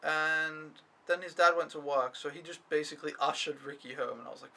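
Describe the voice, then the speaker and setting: Young man, casual vlog recap, rambling complaints, frequent swearing, bright forceful voice. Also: a little high, steady tone, fairly quick, low-quality recording. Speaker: au pair vlogger.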